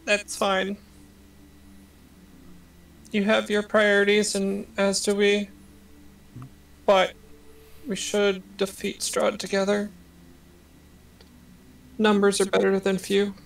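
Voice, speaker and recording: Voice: medium pitch, monotone, slow, gravelly, pauses often. A tabletop player voicing a blunt, foul-mouthed adventurer who carries a gun, heard from a distant mic. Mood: firm. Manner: blunt and profane.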